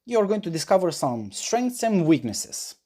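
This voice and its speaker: Mellow-voiced man coaching thoughtfully. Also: high voice, very animated, unhurried. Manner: thoughtful, rephrases himself mid-sentence; explains through personal examples. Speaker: life coach. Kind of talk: answering audience questions in a monologue.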